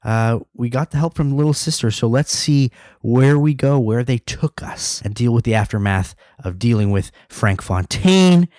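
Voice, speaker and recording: A man's voice: medium pitch, expressive, moderate pace, a little mellow, no room sound, clean studio sound. Playful man hosting a podcast. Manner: playful, wraps up segments. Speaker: podcast host. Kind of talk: casual podcast chat.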